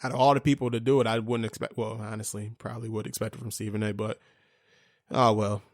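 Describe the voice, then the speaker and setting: A man's voice: lowish voice, little pitch movement, quick pace, no echo, clean studio sound. A young man hosting a casual sports podcast, talking in a fired-up, profane rant full of fillers. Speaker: podcast host.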